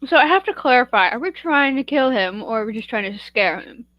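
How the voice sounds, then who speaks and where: A woman's voice: fairly high pitch, lively intonation, fairly quick, no room sound, lo-fi sound. A young woman playing a tabletop game, eager and asking rules questions as she plans her moves. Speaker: player. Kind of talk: casual tabletop play.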